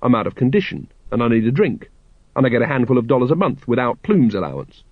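A man's voice: mid-range voice, big pitch swings, fast talker, no echo. A man voicing a weary, out-of-shape watch captain thinking frantically to himself. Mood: frantic. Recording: slightly muffled dry recording.

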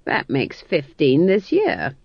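A woman's voice: sits low, huge pitch swings, takes it slowly, vocal fry, husky, no echo, full character voice. A woman voicing a proud, disapproving old female witch who speaks curtly. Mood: stern. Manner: curt, disapproving. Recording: dull dry studio read.

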